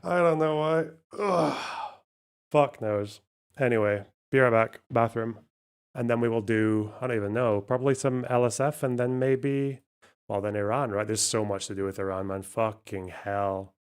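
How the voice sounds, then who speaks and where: A man's voice: mid-range voice, normal speed, clear, resonant tone. Profane, sardonic male streamer. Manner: profane, sardonic, thinking aloud. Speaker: streamer host. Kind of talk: casual live-stream commentary.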